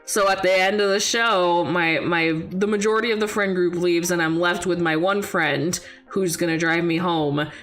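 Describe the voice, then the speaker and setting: A young woman streamer telling a story in casual chat, animated, often laughing and acting out the voices of people she quotes. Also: on the low side, normal speed, few pauses. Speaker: vtuber streamer. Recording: faint music behind the voice.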